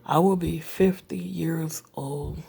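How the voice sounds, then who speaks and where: A woman in her late forties chats to her viewers in a slow, unhurried way. Her low voice is rough and very husky, with a heavy gravelly fry running through it. She rambles with lots of fillers and often drops into a half-whispered aside. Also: fairly even intonation, dark tone. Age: 40s. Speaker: vlogger. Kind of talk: casual personal vlog.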